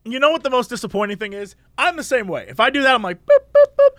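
A man's voice: very high-pitched, racing, dry recording, studio quality. A man co-hosting a casual chat, ranting expressively and acting out impressions. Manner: expressive, exaggerated rants with impressions.

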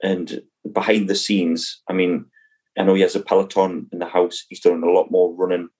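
A man's voice: sits low, level tone, normal speed, a little mellow, slightly rough. A young man, a cricketer, chatting casually as podcast co-host in a laid-back way with lots of fillers. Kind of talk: casual chat.

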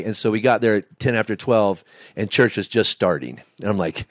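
Speaking at a moderate pace in a lowish voice, this middle-aged man is a pastor being interviewed on a podcast. His account is confessional, frank and emotional, and it halts at the difficult moments; the recording has no echo.

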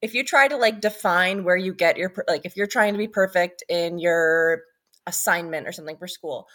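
A woman's voice: lowish voice, moderate pace, a bit bright. A woman co-hosting a casual podcast, chatty and rambling, swearing freely and drifting into asides. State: pregnant. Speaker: podcast co-host. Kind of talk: casual chat.

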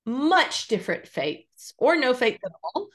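A middle-aged woman, a guest on a faith podcast, telling stories in an animated, earnest way and laughing easily. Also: high voice, a little slow. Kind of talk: conversational storytelling.

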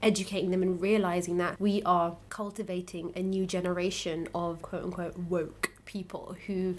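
A woman schoolteacher, a guest chatting casually on a podcast, who tells animated stories and laughs often. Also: on the low side, moderate pace, slight background noise.

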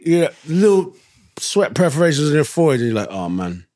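A man with a London English accent, a guest telling relaxed anecdotes in an interview with slangy asides. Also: a little high, fast, dry recording, studio quality. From England. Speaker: actor guest. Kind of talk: casual interview storytelling.

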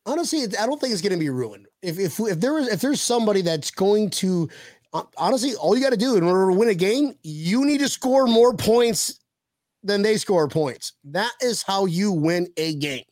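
Man, sports podcast host, rambling, high voice, very dry recording. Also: moderate pace, no echo. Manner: animated, rambling with restarts. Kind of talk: casual sports chat.

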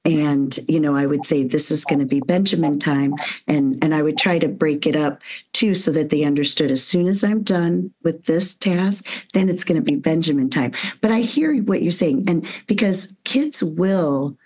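A woman with a notably low voice hosts a conversational podcast interview. She affirms what her guest says and adds her own points in loose, rambling sentences. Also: normal speed. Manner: warm, affirming, rambling with restarts. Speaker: podcast host.

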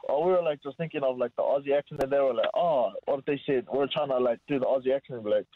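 Musician guest, a man from Samoa, mid-pitched and halting, heard over a thin phone line. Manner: hesitant, lots of um and like. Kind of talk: casual phone interview.

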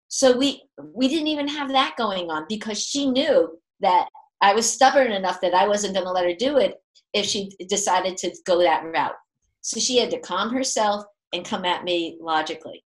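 A woman's voice: mid-range voice, rough recording. An older woman giving parenting advice, telling a personal story in casual conversation, laughing often and acting out the voices she quotes.

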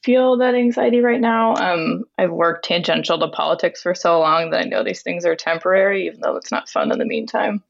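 A woman's voice: fairly low pitch, brisk, creaky, hardly any pauses. A woman in her late twenties calling in to a radio show, talking about her finances in an easygoing, composed way. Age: 20s. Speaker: caller. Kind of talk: phone-in conversation. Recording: dull phone line.

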